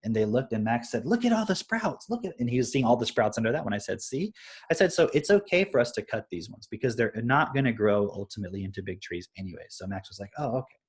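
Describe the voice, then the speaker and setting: A man's voice: on the low side, animated, fast, husky. A young adult man on a live stream, casually explaining his parenting approach through stories and often checking in with "right?".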